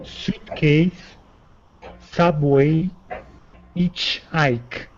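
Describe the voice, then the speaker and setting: A man student in an online English class, reading words carefully and asking a halting question. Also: on the high side. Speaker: language student. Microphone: video call. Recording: dull lo-fi video call audio.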